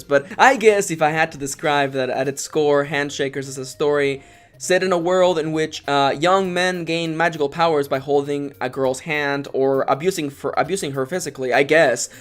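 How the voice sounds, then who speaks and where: A young man hosting a casual anime review, ranting with exaggerated forced excitement and sarcasm. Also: fairly high pitch, normal speed. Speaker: anime reviewer, channel co-host.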